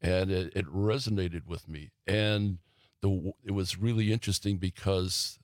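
An older man, a longtime theater critic, reminiscing slowly and haltingly in a casual talk-show chat. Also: deep voice, steady tone, no room sound, studio quality.

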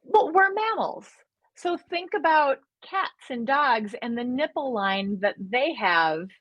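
A woman's voice: fairly high pitch, lively intonation, slow pace, no room sound, highs cut off. A woman doctor appearing as a regular guest on a radio show, explaining health facts in a cheerful, giggly way into a studio microphone.

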